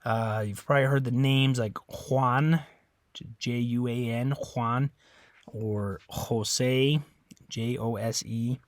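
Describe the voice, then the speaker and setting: A man teaching in a casual, informal way, repeating words slowly and often correcting himself. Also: medium pitch, fairly even intonation, no room sound. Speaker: Spanish teacher. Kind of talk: informal classroom explanation.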